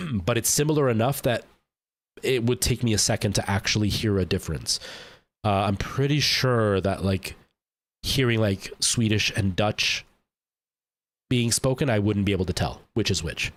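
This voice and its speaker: A man's voice: lowish voice, lively intonation, normal speed, long pauses, dry recording. A man streaming a game live, chatting casually and thinking aloud with lots of fillers and restarts.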